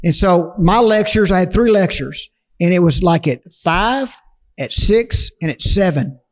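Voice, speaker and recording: A man who coaches high school football in Texas, telling lively stories over casual chat. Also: a little slow. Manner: animated storyteller, acts out quotes.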